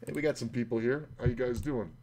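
A man's voice: medium pitch, quick pace, slight background noise. A man streaming his online poker session, chatting casually and swearing now and then, at home at his computer. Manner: relaxed, chatty, sometimes swearing. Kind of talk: casual running commentary while playing.

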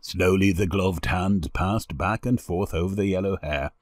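A man narrating an old storybook in an expressive, lively way. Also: low voice, unhurried, no room sound, clean studio sound. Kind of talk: storybook reading.

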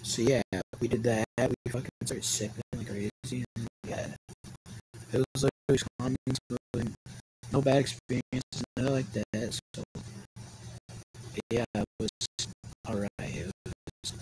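A man's voice: mid-range voice, fairly even intonation, measured pace, noisy background. Rambling young man telling a story. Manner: rambling, heavy swearing and filler words. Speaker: vlogger. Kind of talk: casual storytime monologue.

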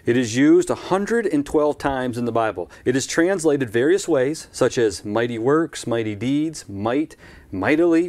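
A man's voice: medium pitch, animated, measured pace, darkish tone, no room sound. Conversational male preacher giving a sermon. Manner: conversational, with asides and repeated phrases. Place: church, live streamed.

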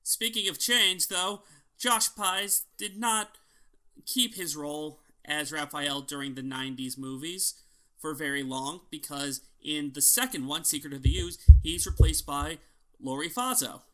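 A man co-hosting a podcast in loose, casual chat. His voice is slightly high and very bright. He rants with strong opinions and swears freely. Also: measured pace. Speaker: podcast co-host.

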